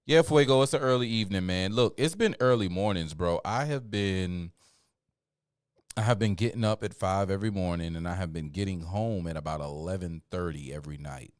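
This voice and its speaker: A tired man signs off his livestream with a very low, smooth voice. He talks casually, with plenty of fillers and shout-outs, into a dry, close mic. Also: a little fast, no room sound. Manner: preachy build-up then laid-back rambling. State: tired, yawning. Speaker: livestream host.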